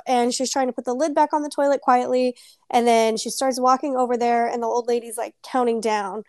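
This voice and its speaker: Woman, book podcast co-host, retells plot scenes, fairly high voice, dry close sound. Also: fairly even intonation, fairly quick, darkish tone, no room sound. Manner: retells scenes acting out lines. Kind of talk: casual book club chat.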